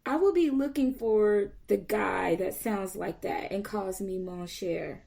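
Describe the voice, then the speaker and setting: A woman's voice: mid-range voice, slow, gravelly, warm tone. A woman hosting a podcast interview, upbeat and enthusiastic, laughing often. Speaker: podcast host. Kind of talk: casual interview chat.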